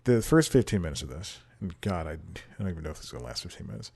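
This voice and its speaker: Rambling, low-voiced man hosting a podcast. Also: big pitch swings, racing, vocal fry, a little mellow, slightly rough. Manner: rambling, self-deprecating, laughs often. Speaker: podcast host. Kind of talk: casual solo podcast monologue. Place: home room with TV playing. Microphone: desk microphone.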